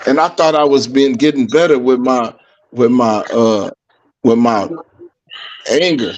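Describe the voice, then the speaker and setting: A man hosting a podcast, talking in casual chat and telling stories in a profane, animated way, acting out what people said. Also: mid-range voice, unhurried, slight background noise. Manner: animated, profane, acts out quotes. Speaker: podcast host. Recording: dull lo-fi stream audio.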